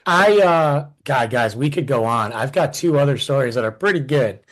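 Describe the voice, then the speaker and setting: A man in his forties, co-hosting a podcast, telling stories in a casual, animated way and acting out the quotes. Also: mid-range voice, moderate pace, poor audio. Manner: animated, acts out quotes with shifting voice. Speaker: podcast co-host. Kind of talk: casual storytelling chat.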